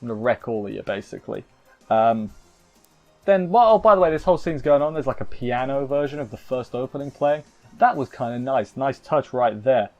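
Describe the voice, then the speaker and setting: A man's voice: mid-range voice, lively intonation, brisk, darkish tone, highs cut off, faint music behind. A man giving a rambling, jokey live recap of an anime episode, often poking fun at himself. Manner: rambling, jokey, self-deprecating. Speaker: anime reviewer.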